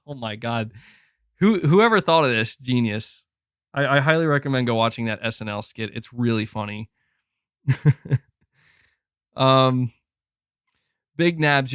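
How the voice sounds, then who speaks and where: A man's voice: medium pitch, a bit bright, smooth, no room sound, clean studio sound. A young man hosting a gaming podcast, casually rambling in reply to chat comments with many restarts and "bro". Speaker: podcast host reading chat.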